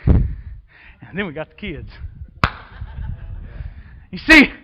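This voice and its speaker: High-voiced preacher guy, folksy talk, goes from shouting to almost a whisper. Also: huge pitch swings, extremely slow, slightly rough. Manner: passionate preaching, swings between shouting and quiet. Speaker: assistant pastor. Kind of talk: sermon. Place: church sanctuary.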